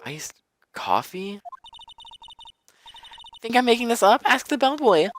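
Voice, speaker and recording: Man doing a shrill, whiny witness girl. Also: sing-song, slow pace, fairly bright tone, faint music behind, heavily acted. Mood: chirpy. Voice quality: high, sing-song and whiny.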